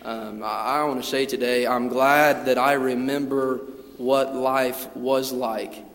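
A man's voice: medium pitch, takes it slowly. Fervent preacher man in a reverberant hall. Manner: builds from calm reading to fervent, loud preaching; repeats words and restarts phrases. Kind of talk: sermon.

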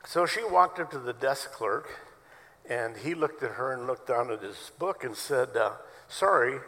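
Gravelly-voiced man preaching in a hall. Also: medium pitch, normal speed, sharp tone. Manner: storytelling, conversational preaching. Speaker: pastor. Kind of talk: sermon. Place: church sanctuary.

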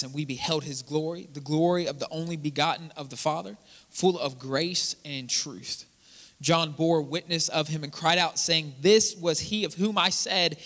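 A man's voice: fairly high pitch, fairly bright tone. A man preaching a sermon as pastor, earnest and building to emphatic delivery. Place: church sanctuary. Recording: church hall with long reverb.

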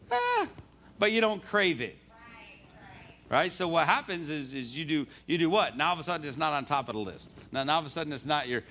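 A man delivers a sermon in a loose, conversational way, repeating himself as he works through his point and reads scripture aloud. His voice sits a little high and sounds bright and forceful. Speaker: preacher. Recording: live service recording.

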